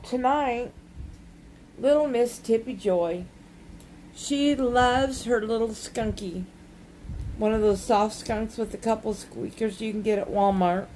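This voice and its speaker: A woman's voice: on the high side, dark tone, slight background noise, low-quality recording. A woman chatting casually while she crafts, rambling and telling folksy jokes. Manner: folksy, rambling joke-teller. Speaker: crafting vlogger.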